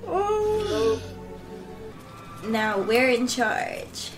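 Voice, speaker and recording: A woman's voice: high voice, very animated, very slow, music in the background. A young woman hosting a movie reaction, chatting emotionally and laughing often. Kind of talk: casual reaction commentary.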